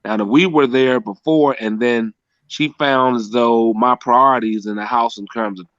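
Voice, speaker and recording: A man talks casually as a podcast guest. He hedges and restarts often, thinking aloud with plenty of "you know." His pitch is middling for a man, and the recording sounds muffled and dry. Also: steady tone, normal speed, a bit bright, no echo. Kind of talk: casual chat.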